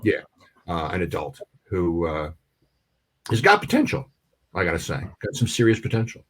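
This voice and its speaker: A man's voice: deep voice, sing-song, moderate pace, a bit bright, slightly rough. A middle-aged man, a comedian telling a joke and chatting casually with many fillers. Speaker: comedian guest. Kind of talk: casual storytelling chat.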